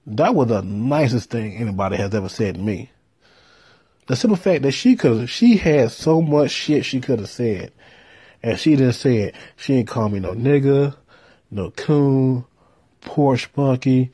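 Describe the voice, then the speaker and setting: A man telling a profane story in a laid-back way, with deadpan punchlines. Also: medium pitch, normal speed, slightly rough. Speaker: storyteller host.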